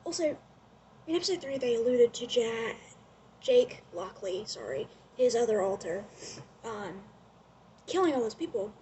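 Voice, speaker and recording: A young woman rambling excitedly in a casual vlog rant, gushing and laughing often, recorded on a propped-up phone. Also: fairly high pitch, measured pace, long pauses, slight background noise. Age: young adult. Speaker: vlogger. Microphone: phone propped on a lotion bottle.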